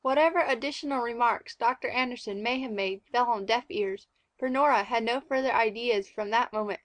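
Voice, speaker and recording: A woman narrating a classic story in a clear, measured audiobook reading. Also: fairly high pitch, no room sound.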